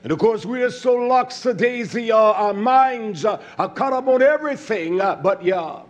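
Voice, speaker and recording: A man preaching a sermon, slow and emphatic with many fillers, rising to shouts and then dropping low. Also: expressive.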